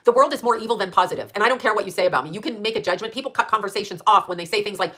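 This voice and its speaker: A woman's voice: medium pitch, lively intonation, very fast, few pauses, fairly bright tone. A woman hosting a stream, ranting in a rambling, profane monologue full of rhetorical questions.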